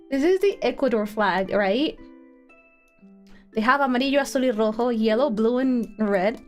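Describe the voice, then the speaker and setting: A young woman from Colombia, chatting excitably on a livestream, laughing often and swearing freely. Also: high-pitched. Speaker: streamer. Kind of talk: casual livestream chat.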